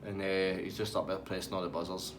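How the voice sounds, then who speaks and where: A man's voice: low-pitched, level tone, fairly quick, background noise. A man with a Scottish accent telling a comic anecdote in a rambling, laughing way. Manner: rambling, laughing through the story. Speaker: storyteller.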